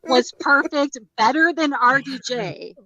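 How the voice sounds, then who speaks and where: A woman's voice: high-pitched, a little slow, bright, forceful tone, dull audio. A woman on a podcast panel, teasing the others playfully in casual banter.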